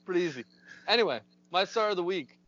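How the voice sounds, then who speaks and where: A fairly high-voiced man talks over a dry, dull remote call line. He rambles excitedly and swears freely, hyped up in casual podcast chat. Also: fast talker, dry recording. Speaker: podcast co-host. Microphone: remote call mic.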